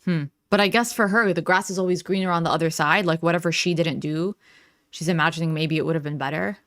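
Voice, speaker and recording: A woman's voice: lowish voice, fairly even intonation, fast, a bit bright, no room sound, clean studio sound. A woman hosting a reaction stream, talking back at a clip and thinking aloud in casual commentary. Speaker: reaction channel host.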